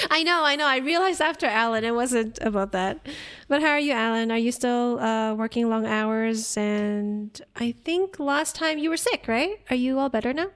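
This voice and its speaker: Chatty woman streamer, rather high voice. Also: expressive, moderate pace, a bit bright, clean tone. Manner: chatty, talks to chat viewers by name, laughs often. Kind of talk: casual live-stream chat.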